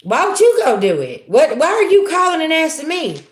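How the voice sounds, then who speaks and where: A woman's voice: high-pitched, wildly swooping pitch, moderate pace, echoey room. A middle-aged woman talking candidly and from the heart to her livestream viewers as a tarot reader, streetwise and swearing freely. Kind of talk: casual live-stream talk to viewers.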